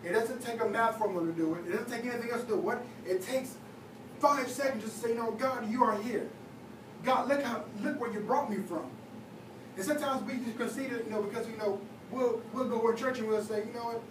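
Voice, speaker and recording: The voice is very high and fairly quick: a young man, a youth leader, preaching informally with plenty of fillers. It was captured from far away in a church hall, with echo and noise.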